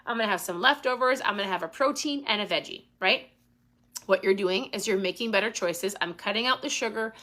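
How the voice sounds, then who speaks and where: A woman's voice: medium pitch, brisk, pushed and bright. A woman hosting a casual live Q&A, talking with intensity and getting worked up. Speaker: host.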